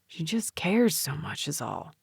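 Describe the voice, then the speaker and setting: A woman voicing a meek, spineless middle-aged man who talks softly and sheepishly. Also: low-pitched, sing-song, unhurried, gravelly, slightly rough, no echo, clean studio sound, exaggerated voice. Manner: soft, sheepish, hushed.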